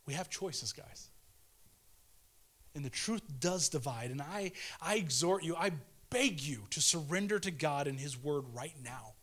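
A man in his thirties giving a casual, earnest devotional sermon, pleading with listeners and swinging between fervent urgency and hushed tenderness. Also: fairly high pitch, lively intonation, measured pace. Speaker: preacher.

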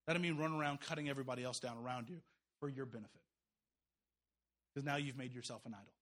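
A man preaching an impassioned, folksy sermon, rising to loud urgent peaks and dropping to quiet asides. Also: medium pitch, steady tone, fast. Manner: folksy, uses y'all and slang. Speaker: guest preacher.

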